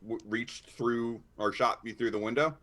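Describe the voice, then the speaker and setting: Man, tabletop player, casual, easygoing, middle pitch. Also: steady tone, a little slow, fairly bright tone.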